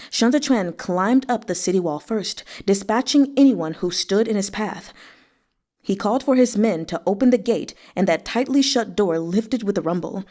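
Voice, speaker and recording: A woman reading a novel aloud with expressive narration and emotional asides. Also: mid-range voice. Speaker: audiobook reader. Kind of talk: read-along narration with asides.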